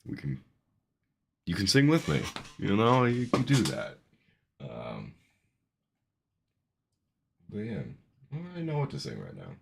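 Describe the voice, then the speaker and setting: A man chatting casually with his viewers between songs on a live stream, in relaxed, mumbled asides. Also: lowish voice, unhurried, gravelly, long pauses, a little hiss or hum.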